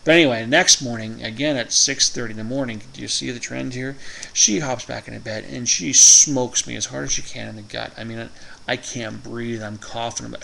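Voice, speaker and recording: A man's voice: medium pitch, steady tone, a little fast, gravelly, pushed and bright, slight background noise, poor audio. A man vlogging, telling a rambling funny story and chuckling often. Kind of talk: casual storytelling.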